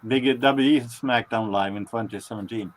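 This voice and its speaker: A man's voice: medium pitch, normal speed. A man chatting casually on a video call, joking with frequent stammering restarts.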